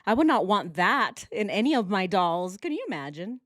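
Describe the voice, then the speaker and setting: A woman's voice: medium pitch, very animated, moderate pace, fairly bright tone, no room sound, studio quality. A woman hosting a casual reaction stream, chatting with viewers and laughing often. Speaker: host.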